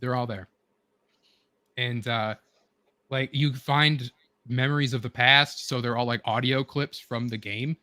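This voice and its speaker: A man of middle pitch chats with friends in a loose, rambling way, stacking fillers and false starts as he piles on details. His voice sits close to the mic with a dry, roomless sound. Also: fairly even intonation, a little slow, pauses often, sharp tone, dry recording. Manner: rambling, filler-heavy, eager retelling. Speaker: show host. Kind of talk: casual chat with friends.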